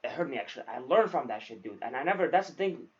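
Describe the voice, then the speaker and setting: A man's voice: medium pitch, quick pace. A young man co-hosting a podcast as a new salesman, chatting casually, swearing often and saying "dude" a lot. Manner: swears freely, says dude often, animated storytelling. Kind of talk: casual chat. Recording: dull lo-fi sound.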